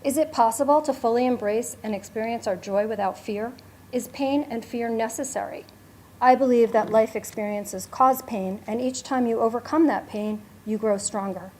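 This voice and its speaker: Mellow-voiced woman reading a heartfelt speech. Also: fairly high pitch, normal speed, slight background noise. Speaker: mother giving a bar mitzvah speech.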